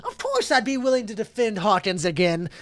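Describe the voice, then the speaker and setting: A man voicing a gleeful, loudmouthed male lawyer who shrieks and gloats. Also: sits high, wildly swooping pitch, brisk, no room sound, pitched above the performer's own voice. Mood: smug gloating.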